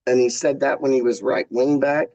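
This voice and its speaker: A man's voice: mid-range voice, fairly even intonation, normal speed, darkish tone, no room sound, poor audio. A man chatting casually on a live stream, slangy and laid-back, answering questions from viewers. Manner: slangy, laid-back, says "dog" and "straight up". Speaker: vlogger answering chat questions.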